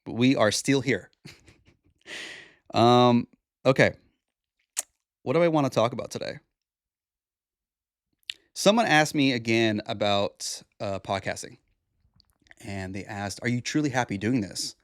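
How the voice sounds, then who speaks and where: A man's voice: mid-range voice, slow, pauses often, no room sound, studio quality. A tired, groggy young man hosting a solo podcast, talking in a rambling, reflective way with restarts. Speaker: podcast host. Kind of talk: casual solo podcast monologue.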